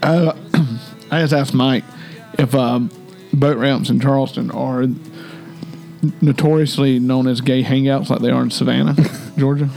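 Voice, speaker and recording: Easygoing Southern man, mid pitch. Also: fairly even intonation, measured pace, creaky, darkish tone, soft background music. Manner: easygoing, chuckling. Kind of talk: casual podcast chat.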